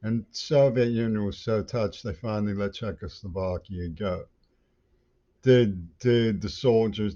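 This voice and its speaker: A man with a low, dark voice rants angrily in a long monologue, stumbling and restarting his sentences. The recording is dull and lo-fi. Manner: angry, rambling, stumbling restarts. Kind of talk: ranting monologue. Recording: dull lo-fi audio.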